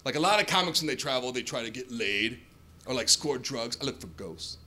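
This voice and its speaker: A male stand-up comedian who tells his jokes in an animated way and acts out customers and counter workers, on a comedy club stage. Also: mid-range voice, brisk. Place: comedy club stage before a laughing crowd. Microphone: handheld stage mic. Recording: live club audience laughter.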